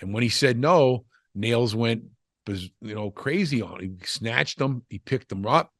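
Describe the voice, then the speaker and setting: A man's voice: medium pitch, unhurried, gravelly, a bit bright, dry recording, clean studio sound. An older man, a former wrestler, telling stories in a casual interview, rambling with frequent restarts and "you know" asides. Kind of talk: casual storytelling chat.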